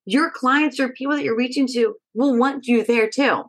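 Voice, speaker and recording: Speaking at a normal speed in a high voice, this woman appears in a relaxed podcast interview as a stress management educator. She's direct and full of energy, regularly asking "right?" to check in.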